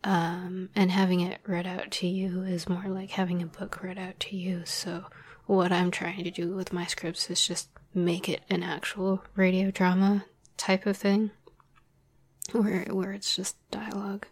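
A young woman whispers softly about writing audio drama scripts, rambling with plenty of fillers and little laughs in a whispered role-play style. Her voice is fairly low, husky and a little slow, with little pitch movement.

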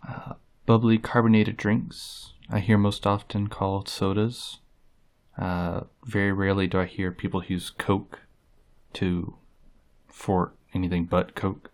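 Slow, low-voiced man. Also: little pitch movement, a little mellow. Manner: unhurried, reads words off a list with many "uh" fillers. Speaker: vlogger. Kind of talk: casual accent-tag video.

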